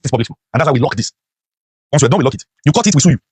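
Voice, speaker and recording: A motivational teacher lectures a class in a preachy tone packed with rhetorical questions, his voice jumping sharply whenever he stresses a point. He speaks rapid-fire at a medium pitch with lively intonation, and his sound is a little mellow and slightly rough. The recording has no room sound.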